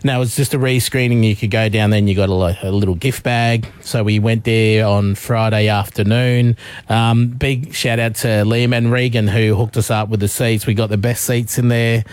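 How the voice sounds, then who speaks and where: A man's voice: fairly low pitch, little pitch movement, moderate pace, clear, resonant tone, no room sound. Man telling a story on radio. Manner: storytelling, laughs often, acts out quotes. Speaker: radio co-host. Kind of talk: casual radio banter.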